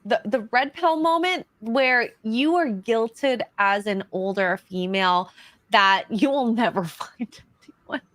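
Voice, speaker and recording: A woman co-hosting a casual livestream, relaxed and a bit tipsy, reading viewer donations aloud. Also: fairly high pitch, slow, dry recording. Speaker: co-host.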